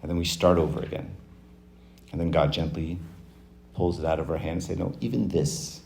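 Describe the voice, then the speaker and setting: Low, dark-voiced man in his forties giving an informal faith talk. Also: flat delivery, brisk, slight background noise. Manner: conversational, acts out quoted voices, frequent fillers and restarts. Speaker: speaker addressing young people.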